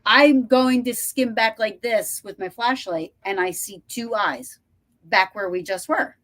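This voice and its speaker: A woman hosting a podcast over a video call, telling a story in animated, breathless bursts with lots of restarts and some swearing. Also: on the high side, unhurried. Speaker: podcast host. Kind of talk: casual storytelling chat.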